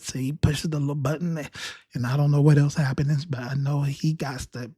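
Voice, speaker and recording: A man's voice: fairly high pitch, fairly even intonation, moderate pace, warm tone, slightly rough, no echo, clean studio sound. A man telling a rambling, self-mocking comic story about his own experience. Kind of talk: humorous personal storytelling.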